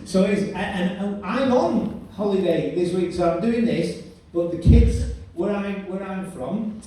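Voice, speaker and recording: A man's voice: high-pitched, unhurried, warm tone. A man compering a live stand-up show, chatty and quizzing the crowd. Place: comedy venue. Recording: echoey room, voice far from mic.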